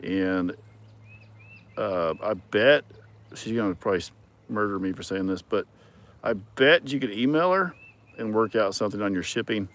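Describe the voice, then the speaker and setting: A man's voice: on the low side, normal speed, long pauses, fairly bright tone. A man hosting a casual livestream, reading viewer comments and talking in a rambling way with many ums and some dry sarcasm. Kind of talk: casual chat.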